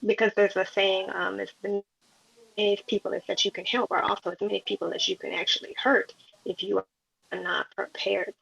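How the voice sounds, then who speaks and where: A woman's voice: medium pitch, level tone, moderate pace, gravelly, a bit bright, slightly rough. A woman in a group discussion, speaking in a reflective, motivational way. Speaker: panel participant. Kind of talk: casual discussion on an audio chat room. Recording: dull, lo-fi audio.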